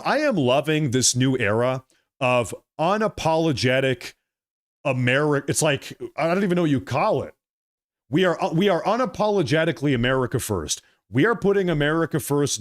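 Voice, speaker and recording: A man hosting a political livestream, reading viewer comments aloud and answering them in an emphatic, repetitive way. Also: a little high. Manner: emphatic, repeats phrases, thanks viewers by name.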